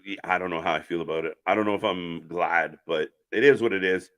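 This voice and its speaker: Male stream host, bright, forward voice, loose chatty commentary while reading out chat. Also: low voice, fairly quick. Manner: chatty, answers viewer chat while calling the action. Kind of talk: casual live wrestling watch-along commentary.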